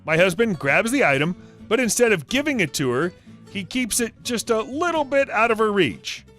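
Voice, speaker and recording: A man's voice: high voice, very animated, normal speed. A man reading online stories aloud, with chatty asides between them. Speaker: story narrator. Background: soft guitar music.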